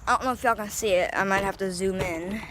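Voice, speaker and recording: A woman's voice: mid-range voice, fast talker, noisy background. A young woman chatting casually in a backyard vlog about her guinea pigs, talking informally with lots of fillers and a sweet voice for the animals, filmed on a handheld phone. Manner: chatty and informal, many fillers, sweet baby talk to pets. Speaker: vlogger showing her pet guinea pigs. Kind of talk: casual outdoor vlog narration. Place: outdoors in a backyard.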